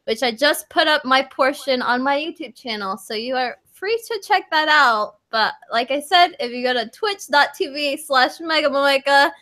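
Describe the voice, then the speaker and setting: A tipsy woman with a high, bright voice chats on a casual group podcast. She giggles and rambles loosely, and her speech runs a little loose around the edges. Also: normal speed, hardly any pauses. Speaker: podcast guest, streamer.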